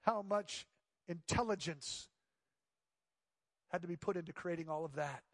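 Male pastor, higher voice, dry close sound, animated sermon storyteller who acts out quotes. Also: a little slow, dry recording. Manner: drops to soft pleading tones.

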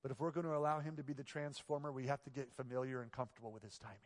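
A male pastor preaching a sermon, moving between hushed, intimate passages and loud, emphatic exclamations. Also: medium pitch, fairly even intonation, very fast. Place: church sanctuary. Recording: long reverb of a large church hall.

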